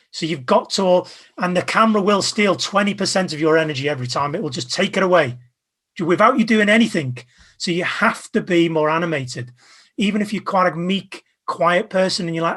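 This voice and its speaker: A man being interviewed as a guest, giving casual advice with an energetic, emphatic coaching tone. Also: sits high, brisk. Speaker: guest, video creator.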